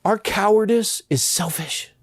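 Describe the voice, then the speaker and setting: A man's voice: high voice, measured pace, no echo, studio quality. Earnest pastor man in his fifties. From Southern California. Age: 50s. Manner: earnest, impassioned. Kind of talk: personal storytelling in an interview.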